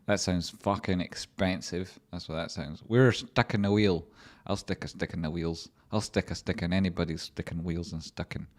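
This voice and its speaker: On this casual livestream, the young male host rambles along, cracking jokes and cursing freely. He speaks with a low-pitched, flat delivery at a moderate pace, with few pauses.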